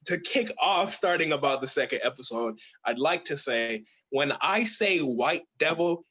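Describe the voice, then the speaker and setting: A man's voice: fairly high pitch, animated, moderate pace, pushed and bright, slightly rough, poor audio. A man co-hosting a podcast in casual chat who jokes around and trails off into fillers. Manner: loose, joking, trails off with fillers. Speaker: podcast co-host.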